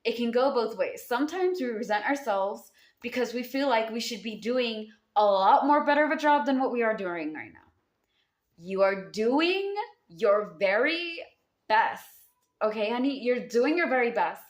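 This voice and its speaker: A woman with a Southern US drawl reads tarot cards in a relaxed, chatty way. Her voice sits a little high, and she calls her listeners honey and baby. The room around her adds a noticeable echo. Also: brisk, few pauses. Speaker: tarot card reader. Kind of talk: casual tarot reading to camera. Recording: roomy echo.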